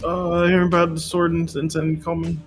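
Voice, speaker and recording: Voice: medium pitch, completely flat delivery, brisk, faint music behind. A tabletop game player speaking casually and hesitantly, with rambling restarts. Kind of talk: casual tabletop role-play.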